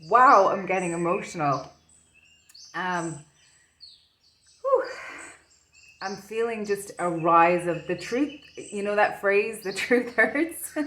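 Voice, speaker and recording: Slow, dreamy woman reading tarot. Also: mid-range voice, a bit bright, a little hiss or hum. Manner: slow, dreamy, gushing with wonder. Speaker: tarot reader.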